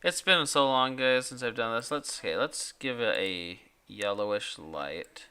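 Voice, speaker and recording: A man thinks aloud on a casual live stream, rambling and correcting himself as he goes. His pitch swings widely, and his voice is bright and clear. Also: animated, unhurried. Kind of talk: casual live-stream chat while working in 3D software.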